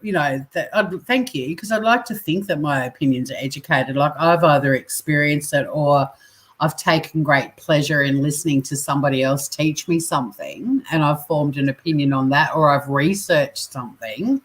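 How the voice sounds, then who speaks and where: A woman's voice: deep voice, normal speed. A woman co-hosting a podcast in casual chat, blunt and sweary, ranting with energy. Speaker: podcast co-host.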